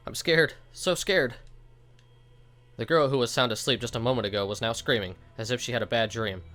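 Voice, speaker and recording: A young man hosting a let's play, reading the story's narration aloud at an ordinary middle pitch. He keeps it casual, stumbling over words now and then and tossing in joking asides. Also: fast, fairly bright tone, faint music behind.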